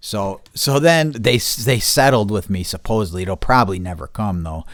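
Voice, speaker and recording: Low-voiced man ranting with heavy swearing. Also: expressive, normal speed, no echo, studio quality. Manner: profane, heated and rambling. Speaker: podcast host. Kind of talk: casual storytelling.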